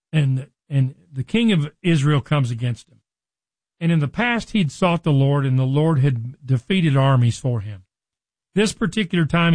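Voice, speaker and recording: Higher-voiced man teaching from the Bible. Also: dry recording. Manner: retells scripture with lively dramatized quotes. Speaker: preacher.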